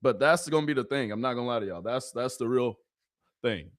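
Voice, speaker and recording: A man's voice: medium pitch, brisk, dry recording. Male live-stream host, chatty and repetitive, dry close sound. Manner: animated, repeats phrases, talks to chat. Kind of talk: casual live-stream commentary.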